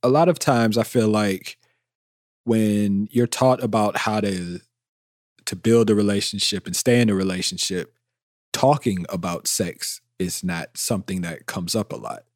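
A man co-hosting a podcast, giving advice in a relaxed, slangy way. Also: on the low side, unhurried, dry recording, clean studio sound. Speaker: podcast co-host. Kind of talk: casual chat.

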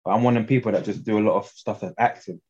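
A man's voice: on the low side, steady tone, very fast, darkish tone, breathy edge, muffled recording. A young English man talking as a guest fighter in a casual interview, laid-back and slangy, often laughing.

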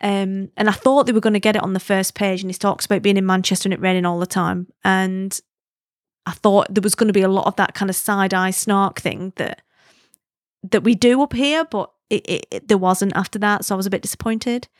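A woman hosting a podcast, chatting casually and telling stories in an animated way. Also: mid-range voice, fairly quick, dry recording, clean studio sound. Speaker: podcast host.

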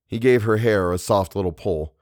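A man giving a measured, scripted narration of a novel. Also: on the low side, darkish tone, no echo, studio quality. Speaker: audiobook narrator.

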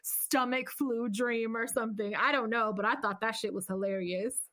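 High-pitched lady on a podcast, crude and giggly, just chatting. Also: fairly even intonation, moderate pace, a bit bright. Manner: profane, laughing storyteller. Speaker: podcast co-host. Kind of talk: casual storytelling chat.

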